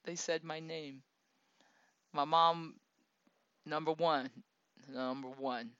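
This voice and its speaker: A woman in her thirties telling a personal story in a casual, animated way, laughing often and acting out the people she quotes. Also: sits low, slow pace, clean tone, no room sound. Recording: dull lo-fi dry recording.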